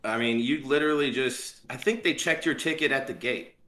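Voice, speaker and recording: A man's voice: mid-range voice, a little fast, pushed and bright, roomy sound. A man co-hosting a podcast in laid-back casual chat, swearing often. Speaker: podcast co-host.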